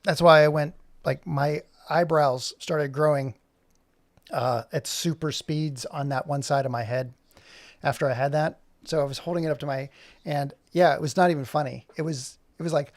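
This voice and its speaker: The livestreaming animator, a man in his forties, talks casually to himself with jokes and digressions as he works. His fairly high voice stays fairly level at a moderate pace, recorded cleanly in a studio with no room sound.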